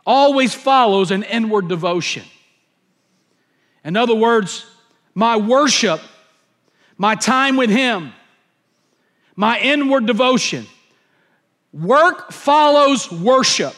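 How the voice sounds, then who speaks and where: A pastor delivers a sermon in a notably high voice for a man. He hammers his points home through repetition and brings the story to life by acting it out. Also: a bit bright. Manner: repetitive, emphatic, acts out scenes.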